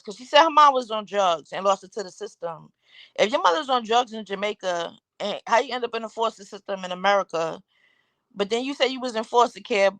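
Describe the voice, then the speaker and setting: A woman's voice: a little high, fairly bright tone, no echo. A woman hosting a live talk show, rambling through her opinions and asking the audience one rhetorical question after another. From Caribbean. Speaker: host.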